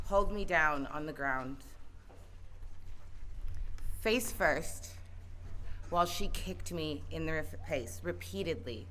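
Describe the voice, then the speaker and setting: A woman's voice: low-pitched, a bit bright, a little hiss or hum. A woman giving an earnest personal speech at an outdoor protest rally, building to impassioned calls. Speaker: protest speaker.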